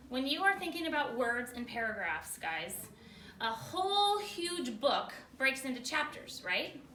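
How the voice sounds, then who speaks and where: A woman teacher leading a spelling lesson for a class, energetic, often stopping to check in with questions. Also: high voice, a little slow, a little hiss or hum. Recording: echoey room, far from the mic.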